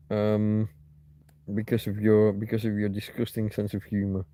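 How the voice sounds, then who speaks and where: A livestream host with a lowish, warm, steady voice speaks a little slowly, with no room sound. Reading viewer comments, he rants and swears freely in a casual, rambling way, repeating and restarting his words.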